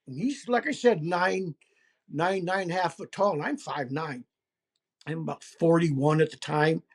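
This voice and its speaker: A man telling his own story as an interview guest, animated and emphatic, with pauses and fillers. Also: high-pitched. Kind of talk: first-person storytelling.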